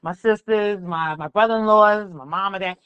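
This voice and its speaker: New York woman, affirming and lively. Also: mid-range voice, moderate pace, smooth, no echo, muffled recording. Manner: affirming, call-and-response. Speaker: guest, pastry chef. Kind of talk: casual faith-based chat.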